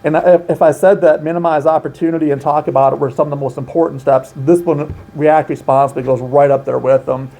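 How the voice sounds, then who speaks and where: A man's voice: fairly high pitch, steady tone, a little fast, few pauses, dark tone. A man working as an outreach coordinator, explaining child safety steps in an earnest, emphatic way during an interview. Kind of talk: informational interview.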